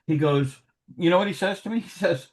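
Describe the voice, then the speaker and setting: A man's voice: a little high, brisk. A middle-aged man telling stories bluntly and with a lot of swearing, in casual chat. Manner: blunt, profane storytelling.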